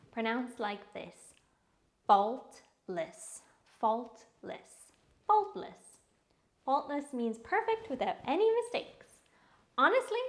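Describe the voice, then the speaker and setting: A woman teaching English vocabulary, saying each word slowly and clearly several times before explaining it. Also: fairly high pitch. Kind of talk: slow vocabulary lesson with repeated pronunciations.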